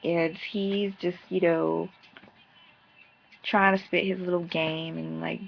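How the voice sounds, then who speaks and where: A woman's voice: lowish voice, flat delivery, slow, gravelly, pauses often, lo-fi sound. A woman giving a brash, profane, sassy casual recap of a reality show episode. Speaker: vlogger reviewing a reality show.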